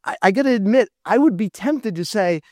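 Brief: male pastor, high voice, earnest sermon delivery, dry close sound. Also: expressive, brisk, a little mellow, no echo. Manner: earnest, asks rhetorical questions.

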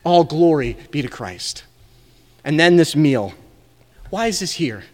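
A man's voice: on the high side, sing-song, measured pace, big-room sound. A man preaching a sermon as pastor, earnest and conversational, asking his listeners questions. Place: church sanctuary.

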